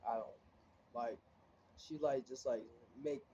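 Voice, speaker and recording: A man's voice: mid-range voice, steady tone, slow, mellow, muffled recording, slight background noise. Rambling teen guy ranting into his phone. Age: teens. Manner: rambling, heavy filler words, frequent swearing, frustrated. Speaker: vlogger. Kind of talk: casual ranting vlog. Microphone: phone camera, looking down at it.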